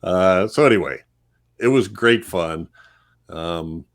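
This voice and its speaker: Deep-voiced man, enthusiastic review. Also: slow. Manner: enthusiastic, repeats words as he restarts. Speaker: podcast panelist. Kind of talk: casual review chat.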